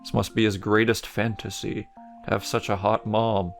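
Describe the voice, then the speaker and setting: Wry, gravelly let's play man. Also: on the low side, level tone, normal speed, faint music behind. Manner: wry, joking reactions. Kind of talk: casual gameplay commentary.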